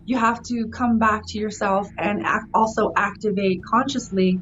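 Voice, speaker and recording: A young woman reading oracle cards in a casual chat, enthusiastic and quick to exclaim. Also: mid-range voice, fairly even intonation, a bit bright, highs cut off, a little hiss or hum. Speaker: co-host, card reader.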